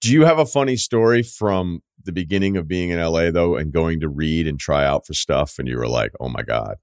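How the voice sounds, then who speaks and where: A man's voice: deep voice, expressive, fairly quick, darkish tone, no echo, studio quality. A man hosting a podcast, asking long rambling questions in casual, profane chat. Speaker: podcast host.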